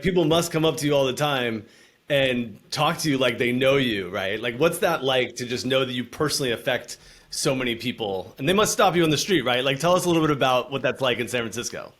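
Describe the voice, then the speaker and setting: A man's voice: medium pitch, a bit bright. A man hosting a podcast interview, asking long, rambling questions that restart midway. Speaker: podcast host.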